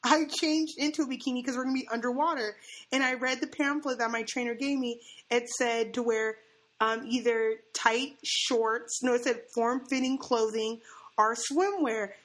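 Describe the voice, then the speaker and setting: A young woman telling a story in casual chat, animated, laughing often and acting out the quotes. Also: fairly high pitch, normal speed.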